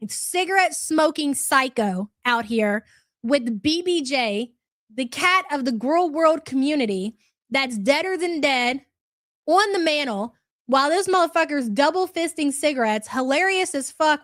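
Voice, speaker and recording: Woman streamer, high pitch, dry close sound, angry profane rant. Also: fairly bright tone, no room sound. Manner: aggressive, swearing, sarcastic. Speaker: livestream commentary host.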